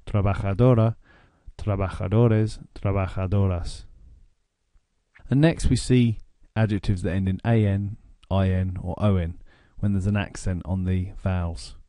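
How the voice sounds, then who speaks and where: A man with an English accent narrating a grammar lesson, explaining slowly and deliberately. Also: on the low side, dark tone, no echo, studio quality. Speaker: language teacher.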